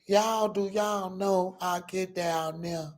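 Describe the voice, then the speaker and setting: A woman's voice: lowish voice, fairly even intonation, slow. A middle-aged woman telling a personal story to her viewers in an emphatic, profane, casual way, often calling out to them directly.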